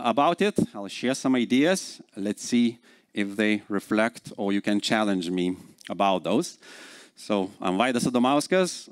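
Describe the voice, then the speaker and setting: A man's voice: mid-range voice, no echo. A man in his forties with a Lithuanian accent, giving a live conference talk, chatty and full of fillers, often quizzing the audience. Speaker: conference speaker.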